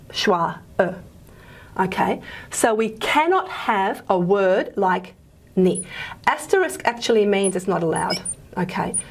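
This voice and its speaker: A woman giving a phonetics lecture, explaining patiently with many fillers and frequent "okay?" checks. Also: medium pitch. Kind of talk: recorded lecture.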